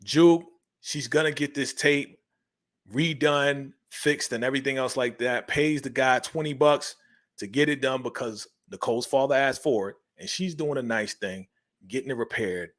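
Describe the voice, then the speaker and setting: A man's voice: medium pitch, moderate pace, fairly bright tone. A man hosting a casual TV episode recap, talking in slang and acting out the characters' lines as he retells each scene. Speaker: TV show recap host.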